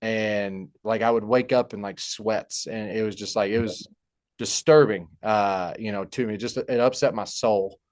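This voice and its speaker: Young guy telling his own story on a podcast, halting and heartfelt, lots of ums and restarts. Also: on the low side, fairly even intonation, a little mellow. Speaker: podcast guest. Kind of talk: personal story in casual conversation.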